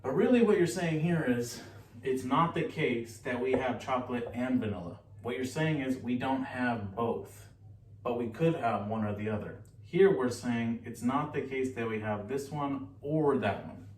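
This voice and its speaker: A man giving a relaxed, chatty recorded lesson, often pausing and correcting himself. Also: medium pitch. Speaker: teacher. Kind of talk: casual recorded lecture. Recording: echoey room, distant mic, faint hiss.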